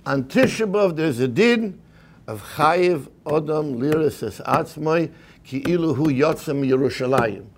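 A man's voice: fairly high pitch, animated, measured pace. A man giving an impassioned sermon-style lecture at a community program, often stammering and restarting, with many Hebrew and Yiddish terms.

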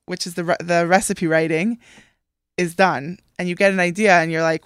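A woman's voice: lowish voice, steady tone, normal speed, clean tone, no echo, clean studio sound. A woman cookbook author, a guest on a podcast, talking enthusiastically with many fillers. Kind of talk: casual podcast interview.

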